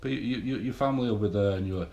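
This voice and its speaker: A man's voice: fairly low pitch, fast talker, creaky, darkish tone. Blunt, sweary man in an echoey room. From England. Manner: blunt, sweary, rambling motivational talk. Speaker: bodybuilding vlogger. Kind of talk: casual monologue to camera.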